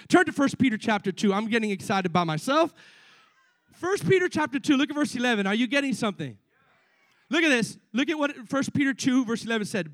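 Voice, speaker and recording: A young man preaching a lively sermon, stuttering repeats and quick asides to the congregation. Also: very high voice, dry recording. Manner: excitable, repeats words, frequent asides to the congregation. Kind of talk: energetic sermon.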